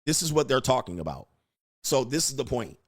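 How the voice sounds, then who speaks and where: A man hosting dating advice talks briskly in a sing-song, mid-range voice. He lectures with blunt emphasis, swears, and performs the dialogue he quotes.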